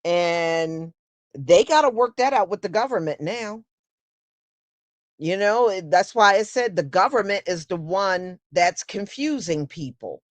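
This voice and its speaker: A woman hosting a casual solo livestream, talking in an unhurried, conversational way and answering viewers with "mm-hmm" and "yeah". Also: fairly low pitch, animated, no echo. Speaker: host.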